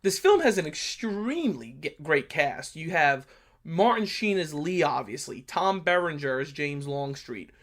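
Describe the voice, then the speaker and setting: A man's voice: on the high side, sing-song, measured pace, fairly bright tone. A man with a blunt New York accent, hosting a history channel and casually talking through a movie review. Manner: blunt, brash, chatty with many fillers.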